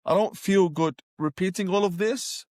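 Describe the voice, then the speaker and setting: A man's voice: high-pitched, normal speed, a little mellow, no room sound, clean studio sound. A man as an interview guest telling a personal story, acting out his own past words with feeling.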